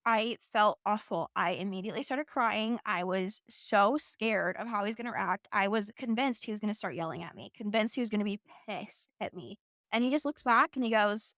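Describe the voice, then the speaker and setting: A woman's voice: mid-range voice, a little fast, a bit bright, no echo, clean studio sound. A young woman in her twenties hosting a podcast, telling a personal story in a casual, chatty way full of "like" fillers. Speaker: podcast host.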